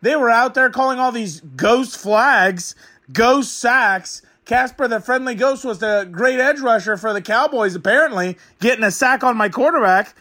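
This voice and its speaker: A man's voice: very high voice, moderate pace, bright, forceful tone. A man putting on a fuming young football fan. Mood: indignant. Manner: ranting, exasperated, crude. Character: fired-up young male football fan, ranting. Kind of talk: comic character monologue.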